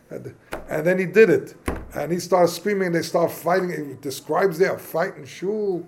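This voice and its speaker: This man's voice is a little high and a little mellow, with vocal fry, delivered at a measured pace over a slight hiss or hum. In a casual Torah class he asks questions and uses yeshivish phrasing, mixing Hebrew and Yiddish into his English for an informal Talmudic lesson.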